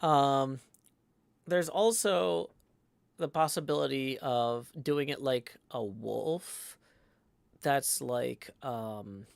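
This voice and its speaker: A man livestreaming in casual chat, reading viewer messages aloud and rambling with many pauses and restarts. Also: medium pitch, creaky, clear, resonant tone, dry recording. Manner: hesitant and rambling, many ums and restarts, tries out playful howls.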